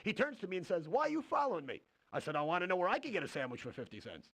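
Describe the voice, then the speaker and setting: A man's voice: high voice, wildly swooping pitch, rapid-fire, background noise, heavily acted. An actor playing a cheesy, brash stand-up comedian man in a 1990s CD-ROM comedy game, hamming up corny jokes. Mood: joke-telling. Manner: brash, hammy joke delivery. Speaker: game's recorded comedian.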